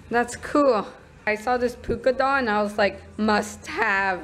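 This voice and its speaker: A woman's voice: fairly high pitch, fairly bright tone, poor audio. A young woman chatting casually in a vlog at her market stall, giggling often. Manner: chatty and giggly, slow-paced. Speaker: vlogger.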